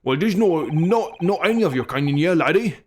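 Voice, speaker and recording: A man voicing a gruff, hostile prison governor with an Irish accent, blustering and threatening. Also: on the high side, lively intonation, a little fast, slight background noise, voice pushed up, lightly acted. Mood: scornful.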